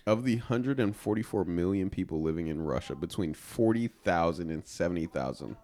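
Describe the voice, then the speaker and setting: A man co-hosting a podcast in casual chat, animated, laughing often and swearing freely. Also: deep voice, brisk. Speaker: podcast co-host.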